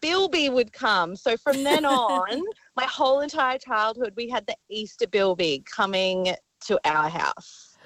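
Woman, radio caller, animated storytelling, dry sound. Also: a little high, a little slow, dry recording, low-quality recording. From Australia. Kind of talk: telling a childhood story.

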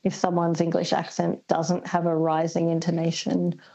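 An Australian woman speaks as a guest linguist on the radio. Her voice sits a little low, with a husky, gravelly texture. She explains patiently and hesitantly, her words a touch muffled by the broadcast. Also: completely flat delivery, moderate pace, mellow. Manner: thoughtful, hesitant with many ums. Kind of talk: radio interview.

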